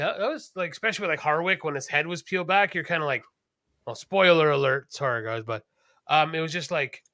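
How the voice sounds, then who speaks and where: A man co-hosting a podcast, chatting casually in a profane, rambling, animated way. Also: on the high side, fairly quick, no room sound, studio quality. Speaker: podcast co-host. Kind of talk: casual chat.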